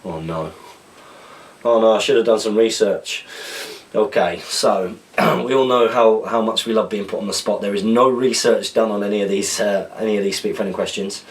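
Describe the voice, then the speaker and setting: A man's voice: fairly low pitch, fairly even intonation, normal speed, recorded from a distance, poor audio. A man hosting a podcast alone, reading out viewer questions in a loose, rambling chat and correcting himself as he goes.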